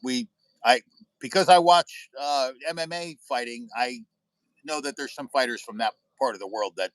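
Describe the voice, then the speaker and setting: Casting: American man, medium pitch, loose storyteller, dry close sound. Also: moderate pace, a bit bright, dry recording. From United States. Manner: rambling storyteller, swears freely. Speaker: livestream host. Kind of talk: casual chat with viewers. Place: indoors at home by a window.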